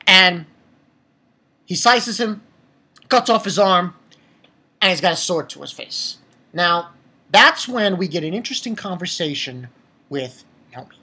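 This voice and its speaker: A man giving an animated, profane episode review, mocking the show and swinging between near-shouts and low muttering. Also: measured pace, slightly rough. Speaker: anime reviewer.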